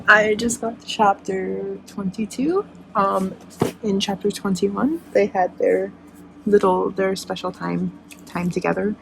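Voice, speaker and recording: A woman's voice: medium pitch, creaky, background noise. A young woman book vlogger chatting casually and emotionally about a book she is reading, full of fillers. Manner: gushing and emotional, with frequent fillers.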